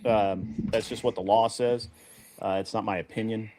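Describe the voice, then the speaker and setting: A man's voice: fairly low pitch, fairly even intonation, a little mellow, slight background noise. A man arguing his side in a live online debate, hesitating often with many fillers. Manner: halting, full of uh and um fillers.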